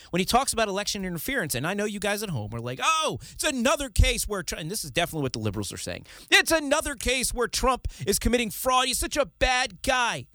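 A man hosting a political talk show, opinionated and animated, often laughing and mimicking the people he criticizes. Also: mid-range voice, no echo, studio quality.

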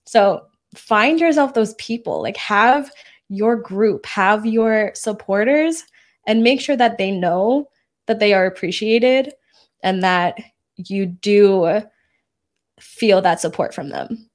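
A woman's voice: medium pitch, expressive. A woman co-hosting a podcast in casual chat, earnest and candid. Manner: earnest, candid, quick bursts. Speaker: podcast co-host.

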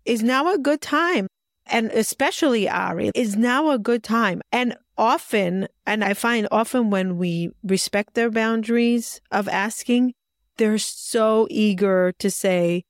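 A woman's voice: mid-range voice, unhurried, no room sound, clean studio sound. A woman hosting a podcast, chatting casually and tying the discussion to her own family life. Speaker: podcast host. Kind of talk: conversational interview.

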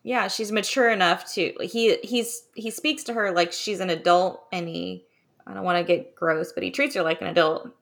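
A woman chatting casually on a podcast, laughing and quick to joke. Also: fairly low pitch, steady tone. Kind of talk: casual chat.

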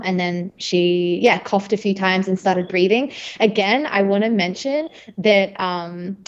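A young woman talks through her birth story as an interview guest, chatty and open, with many fillers and easy laughs. Her pitch sits in an ordinary middle range. The recording sounds a little dull and lo-fi. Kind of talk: casual conversational storytelling.

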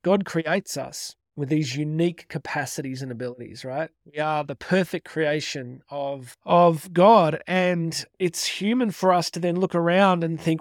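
A middle-aged man giving an energetic motivational talk, emphatic and repeating his key phrases. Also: a little high, a little slow, hardly any pauses, no echo, clean studio sound. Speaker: motivational speaker. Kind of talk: direct-to-camera motivational talk.

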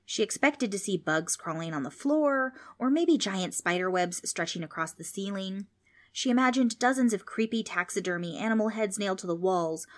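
A woman reading a children's storybook aloud as narrator, steady and expressive. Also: medium pitch.

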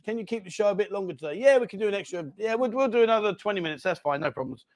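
A man hosting a lively live-stream chat in a bar, bossy and jokey, calling everyone mate. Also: sits high, rapid-fire. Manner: jokey, bossy banter, calls people mate. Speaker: host.

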